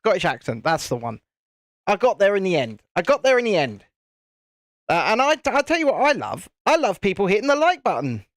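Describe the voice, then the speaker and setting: A man's voice: high-pitched, huge pitch swings, brisk, fairly bright tone, dry recording, clean studio sound. A man hosting a live stream, chatting casually and rambling while he builds a set, with the odd casual swear. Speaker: channel host.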